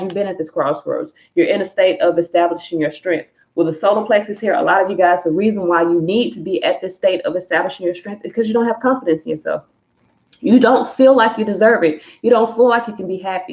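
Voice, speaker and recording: A woman's voice: fairly low pitch, roomy sound, lo-fi sound. A woman giving a live collective tarot reading to her viewers, talking candidly and emphatically with casual swearing. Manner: candid, profane, emphatic, addresses viewers as y'all. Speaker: tarot reader.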